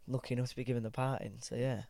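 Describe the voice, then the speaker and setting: A man's voice: mid-range voice, little pitch movement, very fast, gravelly, dark tone, no echo, clean studio sound. A young man chatting casually as a podcast guest, rambling with lots of ums, restarts and easy laughs, swearing now and then. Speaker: guest actor. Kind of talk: casual chat.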